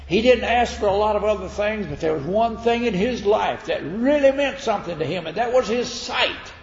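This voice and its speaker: A man's voice: sits high, expressive, normal speed. A man preaching a sermon in a folksy, conversational way, retelling scripture stories as he goes. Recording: echoey hall, dull lo-fi sound.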